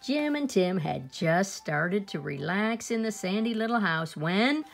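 A woman reading a children's picture book aloud, expressive, with small asides to her listeners. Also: mid-range voice, unhurried, vocal fry, soft background music. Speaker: storyteller.

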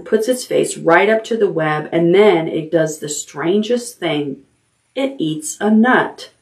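A woman librarian reading a chapter book aloud at bedtime, unhurried and expressive. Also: on the low side, recorded from a distance.

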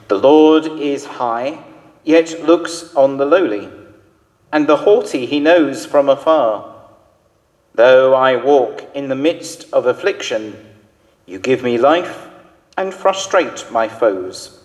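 Slow solemn male lector in church. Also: mid-range voice, expressive. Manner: measured, solemn reading. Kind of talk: liturgical scripture reading. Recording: reverberant church hall.

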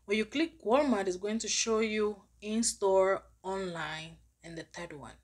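A woman's voice: mid-range voice, a little slow. A woman giving a step-by-step tutorial on a cashback app for her vlog, explaining plainly. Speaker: finance app reviewer.

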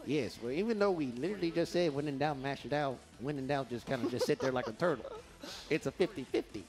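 A man giving playful, excitable live commentary on a fighting game match, acting out the players' thoughts. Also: medium pitch, fast, over music.

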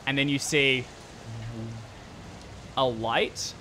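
Bright-voiced man narrating a game. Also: medium pitch, fairly even intonation, drawn-out words, slight background noise. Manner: loose, rambling narration with fillers. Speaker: game master. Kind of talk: narrating a tabletop horror game.

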